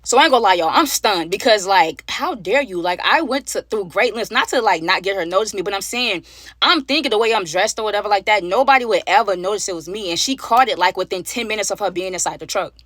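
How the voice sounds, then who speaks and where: A woman telling a story time to her viewers, animated and slangy, talking straight to them. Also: medium pitch, fast, dry recording, studio quality. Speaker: storyteller, channel host.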